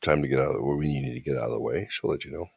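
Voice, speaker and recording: A man's voice: a bass voice, very fast, creaky, a little mellow, breathy edge. A man co-hosting a podcast, telling a story in a blunt, profane, confident way. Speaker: podcast co-host. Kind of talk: casual storytelling chat.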